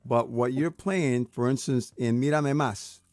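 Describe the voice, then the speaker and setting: A man's voice: medium pitch, a little slow, darkish tone, no room sound, faint music behind. A man hosting an interview, reflecting and explaining to his viewers. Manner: reflective, explains, switches into Spanish. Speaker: host. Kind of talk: interview commentary.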